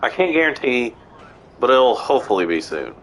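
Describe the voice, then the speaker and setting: Male streamer with a sick, nasal voice; rambling, halting casual chat over gameplay through a console headset mic. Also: medium pitch, big pitch swings, a bit bright, a little hiss or hum. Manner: rambling, halting with many restarts.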